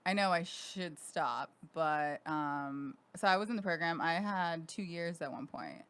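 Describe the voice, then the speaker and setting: A woman's voice: sits low, unhurried, a bit bright, clean tone. A young woman hosting a casual podcast chat in a studio, rambling with lots of fillers. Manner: chatty, rambling with many fillers. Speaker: podcast host.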